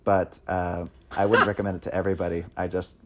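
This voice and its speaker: A man's voice: low voice, flat delivery, fast talker, heavy background noise. A young man co-hosting a casual movie chat, rambling along with hesitant restarts. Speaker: podcast co-host.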